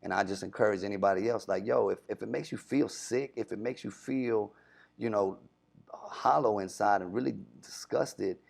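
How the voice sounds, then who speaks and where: A man's voice: on the low side, moderate pace, vocal fry. A young adult man, a radio DJ, talking earnestly and emphatically in a casual interview, often saying "you know what I'm saying.". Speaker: radio DJ guest.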